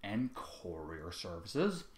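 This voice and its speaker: A man voicing a volatile, foul-mouthed middle-aged human man who lurches between shouted threats and false politeness. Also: low voice, sing-song, slow, echoey room, pitched below the performer's own voice, full character voice. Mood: sly. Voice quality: explosive shouting, profane threats.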